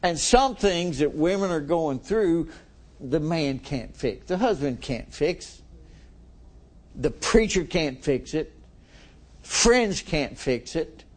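A man's voice: on the high side, a little mellow. A middle-aged male preacher giving a folksy, conversational sermon, chuckling often and asking the congregation questions.

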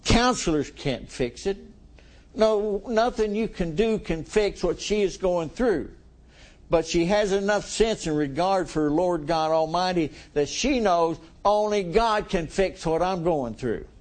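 A man's voice: sits high, unhurried. A middle-aged man preaching a sermon in a folksy way, chuckling with his congregation.

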